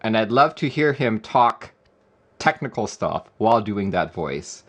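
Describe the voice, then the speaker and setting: A man's voice: fairly low pitch, big pitch swings, unhurried, fairly bright tone. A man live-streaming a keyboard build, chatting casually and joking with viewers. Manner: laid-back, joking with chat, often laughing.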